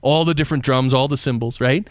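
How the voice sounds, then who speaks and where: An enthusiastic man hosting a podcast, talking casually and firing off rhetorical questions. His voice sits at a middle pitch and sounds dry and close to the mic. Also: quick pace, dry recording. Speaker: podcast host. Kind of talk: casual interview chat.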